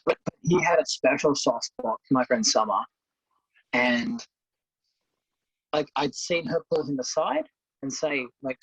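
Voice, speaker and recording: A woman's voice: deep voice, moderate pace, breathy edge, no echo. Blunt, swearing woman. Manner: blunt, swears freely, acts out quoted exchanges. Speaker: podcast co-host. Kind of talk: casual chat. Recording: dull lo-fi sound.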